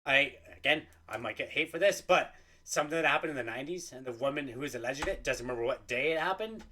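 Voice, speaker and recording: A man's voice: mid-range voice, quick pace, sharp tone, a little hiss or hum. A man co-hosting a podcast in casual chat, rambling loosely. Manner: loose, rambling, lots of fillers. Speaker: podcast co-host.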